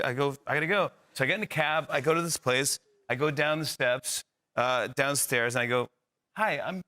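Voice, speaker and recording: A middle-aged man telling a comic anecdote as a talk show guest, acting out the voices of the people in it. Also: fairly high pitch. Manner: animated storyteller acting out the other voices.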